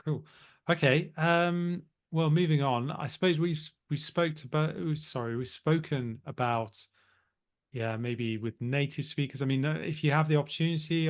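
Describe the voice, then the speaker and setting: A man co-hosting a podcast, chatting casually and agreeably, often ending points with tag questions. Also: mid-range voice. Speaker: podcast co-host. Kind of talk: casual teaching chat.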